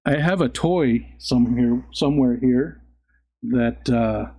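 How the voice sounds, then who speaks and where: A man's voice: mid-range voice, slow, dark tone. A middle-aged man hosting a casual live stream, chatting in an easygoing, rambling way and often stopping to restart his sentences. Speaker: livestream host reading chat. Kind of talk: casual chat.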